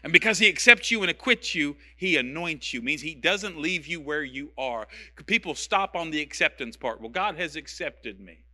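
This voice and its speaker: A man delivers a sermon in a high register with an intensely tense, cutting tone. He preaches with passion and emphasis, circling back over the same phrases to drive them home. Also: animated, normal speed, few pauses, bright, forceful tone. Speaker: pastor.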